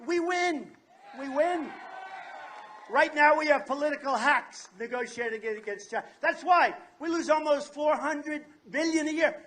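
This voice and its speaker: Boastful man giving a high-pitched rally speech. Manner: boastful, repetitive, shouting at times. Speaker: political candidate. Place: outdoor state fair rally.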